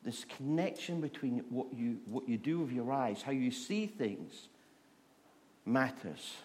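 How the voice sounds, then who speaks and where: Man preaching in slow rhetorical questions. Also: mid-range voice, expressive, a little mellow. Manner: repeats rhetorical questions, slowing for emphasis. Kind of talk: sermon.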